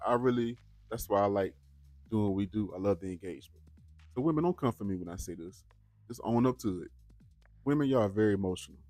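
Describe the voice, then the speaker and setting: This man speaks on the low side with no echo, hosting a bodycam reaction channel. He talks casually and directly to his viewers, often repeating words as he goes.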